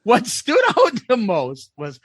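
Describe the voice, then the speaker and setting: A man's voice: very high voice, huge pitch swings, slow pace, slightly rough, no echo, clean studio sound. A man co-hosting a podcast, telling a crude story with lots of laughter in casual chat. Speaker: podcast co-host.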